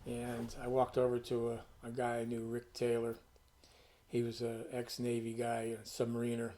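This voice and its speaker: A man's voice: mid-range voice, completely flat delivery, normal speed, dark tone. A man hosting his own channel, telling stories to the camera in a casual, rambling way with many restarts. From Connecticut. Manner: rambling, conversational storyteller with restarts. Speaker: channel host.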